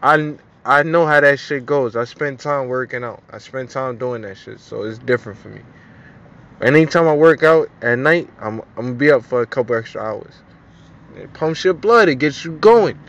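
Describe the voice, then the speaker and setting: A man's voice: medium pitch, normal speed, a bit bright. Frustrated young man venting, lo-fi. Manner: frustrated, profane, repetitive. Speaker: vlogger. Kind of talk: casual venting monologue.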